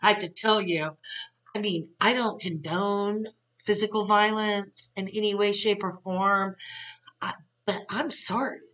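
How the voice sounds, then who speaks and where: Excitable gossipy woman recapping tv, bright higher voice, kinda far from the mic. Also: unhurried. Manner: gossipy, excitable, retells scenes with quoted voices. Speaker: podcast host. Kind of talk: casual recap commentary. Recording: dull lo-fi sound, mic at a distance.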